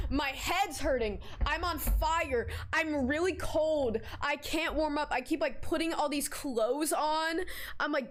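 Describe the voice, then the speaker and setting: A young woman streamer chats casually on a live stream, swearing freely and telling stories in an animated, dramatic way. Her voice sits high and unhurried, with slight background noise.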